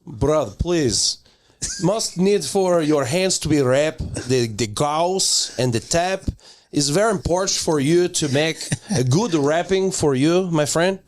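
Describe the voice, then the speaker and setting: Man putting on a slow Russian-accented fight hype-man. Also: a little high, lively intonation. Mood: hyping. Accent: Russian drifting to Brazilian, put on.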